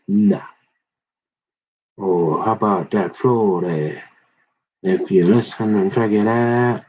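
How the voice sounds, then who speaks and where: A husky, low-voiced middle-aged man rambling through a folksy monologue, with a confrontational, slangy manner. The recording is dull and lo-fi. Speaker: vlogger.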